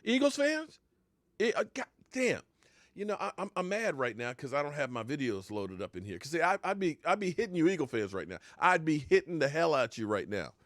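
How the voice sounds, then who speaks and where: A man with a fairly high, fairly bright voice hosts a casual football live stream, speaking briskly and with lots of animation. He rambles, answers viewers' comments, and drifts into playful mock heartbreak. The recording is dry, with clean studio sound.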